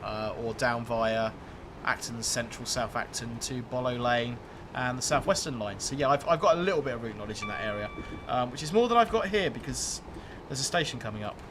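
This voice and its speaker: A man's voice: mid-range voice, wildly swooping pitch, fairly quick, noisy background. A man streaming a train game, chatting casually and answering viewers' questions, with frequent laughs. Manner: chatty, laughs often, reads out viewer messages. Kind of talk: casual live-stream chat.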